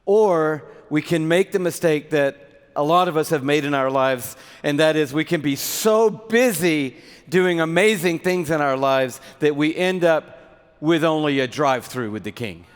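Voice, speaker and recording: A man's voice: fairly high pitch, measured pace, clear, resonant tone. A man preaching a sermon in an earnest, conversational way, with a long hall reverb behind him.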